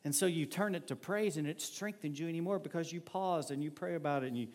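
A male pastor preaching a sermon in a conversational, animated way, acting out everyday scenes. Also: on the high side, fast talker.

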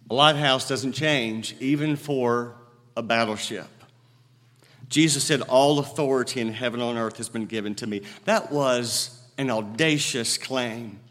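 A man preaching a sermon from the pulpit, emphatic, moving between loud declarations and quiet storytelling. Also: mid-range voice, moderate pace. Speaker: pastor. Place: church sanctuary. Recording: long hall reverb.

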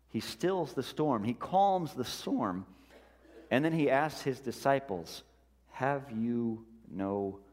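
A male pastor preaching a sermon in a slow, deliberate way, letting his voice drop softly on key words. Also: medium pitch, big-room sound.

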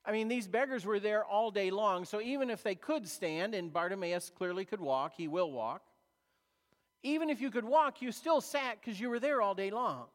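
High-voiced pastor preaching in an echoing hall. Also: male voice. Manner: storytelling, conversational, with dramatic pauses. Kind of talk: sermon. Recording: long reverb of a large hall.

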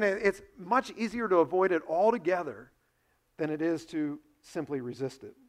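A man preaches a sermon in a fairly high voice. He retells the story with energy and acts out each character's lines, dropping to a hush and then rising to a loud push. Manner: storytelling, acts out dialogue with big swings in loudness. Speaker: pastor.

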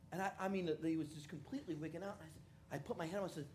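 A man's voice: sits high, very fast, slight background noise. A man preaching a sermon, who prays and tells personal stories, acting out the voices of the people in them. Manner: animated storyteller who acts out quoted voices. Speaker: pastor. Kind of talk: sermon with storytelling.

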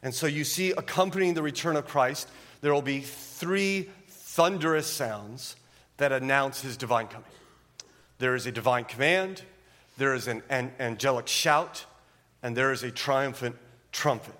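A man's voice: mid-range voice, unhurried, sharp tone. A man preaching a sermon as a pastor, emphatic and full of rhetorical questions. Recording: long reverb of a church hall.

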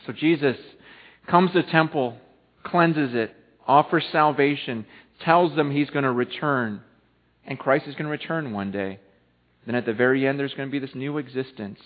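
A male pastor preaching a sermon in church, swinging between loud, impassioned stretches and hushed ones. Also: medium pitch. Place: church hall. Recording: echoey hall over tinny phone-like audio.

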